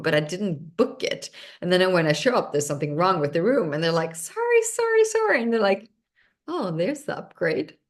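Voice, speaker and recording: A woman hosting an online seminar, talking in a lively, bubbly and intense way. She speaks English as a second language, her first being Swedish. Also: low-pitched. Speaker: seminar host.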